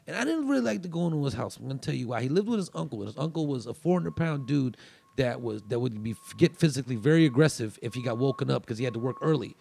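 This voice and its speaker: A man's voice: mid-range voice, lively intonation, fast, vocal fry, dark tone, husky. A male comedian guest on a podcast telling a story in a loose, rambling way with many restarts. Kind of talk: casual storytelling.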